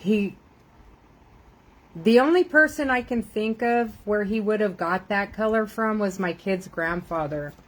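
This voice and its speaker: A woman's voice: medium pitch, a little slow, rough recording. An older woman, a grandmother, chatting casually and rambling while she crafts on a live stream, laughing often.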